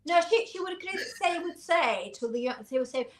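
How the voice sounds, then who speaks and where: A woman's voice: high voice, normal speed, few pauses. Spanish-accented woman in a roomy echo. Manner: animated storyteller, laughs often. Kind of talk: casual chat.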